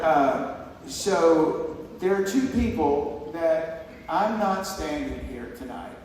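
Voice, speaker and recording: On stage in a large hall, an award honoree delivers an emotional, meandering acceptance speech, restarting often and quoting conversations. He has a mid-range, slightly mellow voice. The audio comes from far away in the echoey hall, with slight background noise.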